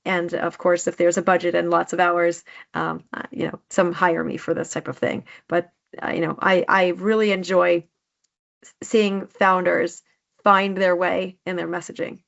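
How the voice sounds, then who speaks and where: A woman's voice: fairly low pitch, flat delivery, normal speed, creaky, fairly bright tone, highs cut off. A woman speech coach talking enthusiastically in a casual interview, often restarting her sentences. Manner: enthusiastic, many restarts and fillers. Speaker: speech coach, podcast guest.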